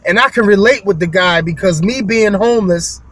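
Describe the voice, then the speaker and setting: A window-cleaning business owner rambles to his viewers in a casual vlog monologue, calling them "y'all" in a folksy way. His high-pitched, slightly bright voice moves at a normal speed, full of fillers and restarts.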